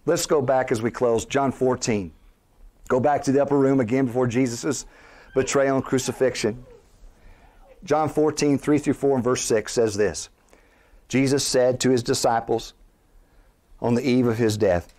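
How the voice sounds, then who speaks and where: A middle-aged man preaching a sermon as pastor, animated, posing rhetorical questions and building toward near-shouts. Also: mid-range voice, moderate pace, pauses often.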